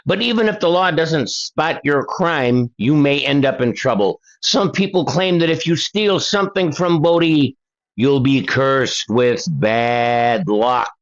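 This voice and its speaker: A man's voice: a little high, animated, moderate pace, few pauses, lo-fi sound. An older man hosting a paranormal channel, reading letters aloud with chatty asides to his viewers. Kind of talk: casual reading of letters and articles.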